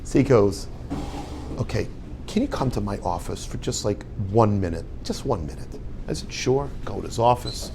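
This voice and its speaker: An older man, a rabbi and yeshiva head, giving a storytelling talk and acting out the dialogue with lively voices. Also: on the low side, normal speed, gravelly, noisy background. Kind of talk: storytelling lecture.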